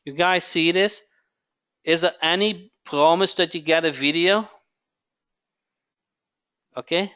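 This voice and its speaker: A man hosting a live webinar sales pitch, who keeps asking "okay?" and repeats his phrases. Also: slow pace, long pauses, sharp tone, clear, resonant tone, muffled recording. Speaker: webinar host.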